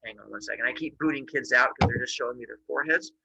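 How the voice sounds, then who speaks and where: A man telling a myth to kids on a video call, setting the scenes in a lively way. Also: mid-range voice, fast, creaky, very noisy. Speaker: storyteller. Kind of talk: animated storytelling for kids.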